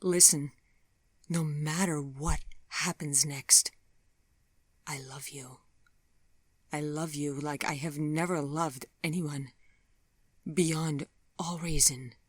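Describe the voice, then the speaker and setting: An anguished, devoted young man from an audiobook romance, murmuring his pleas in a soft, low half-whisper, as a female narrator takes his part. He speaks slowly, every word tender and grieving, recorded close and dry. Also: fairly even intonation, slightly rough, dry recording, heavily acted. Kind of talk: audiobook dialogue.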